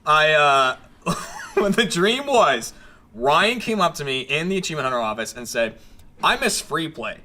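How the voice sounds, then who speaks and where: Dude telling a dream story on a podcast, bouncy pitch, bright tone. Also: male voice, moderate pace. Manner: lively storytelling. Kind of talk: casual podcast chat.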